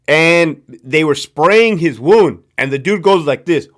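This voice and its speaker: Slangy Southern Californian man, lively. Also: fairly high pitch, takes it slowly, pauses often. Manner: slangy, profane, loose storytelling with lots of fillers. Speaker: livestream host, former prison guard. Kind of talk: casual live-stream chat reading viewer questions.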